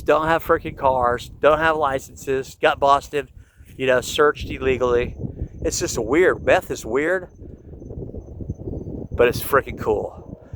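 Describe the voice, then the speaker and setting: A man's voice: mid-range voice, fairly bright tone, a little hiss or hum, low-quality recording. A man talking in a rambling monologue, jumping between topics, restarting sentences and filling them with constant swearing. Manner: restless, restarts sentences often.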